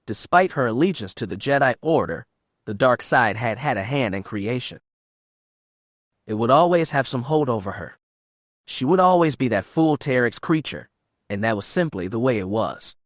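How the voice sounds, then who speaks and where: Measured male audiobook narrator. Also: medium pitch, dry recording, clean studio sound. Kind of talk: scripted narration.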